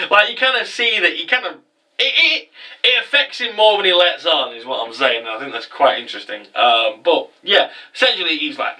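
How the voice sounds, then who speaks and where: A man casually recapping an anime episode in a chatty, sweary, animated way. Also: on the high side, normal speed, far from the mic, rough recording.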